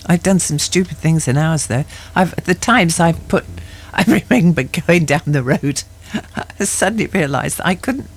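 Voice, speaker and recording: A woman's voice: low-pitched, normal speed, hardly any pauses, slight background noise. A middle-aged woman co-presenting a radio show, bantering in a giggly, mock-indignant way. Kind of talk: casual radio chat.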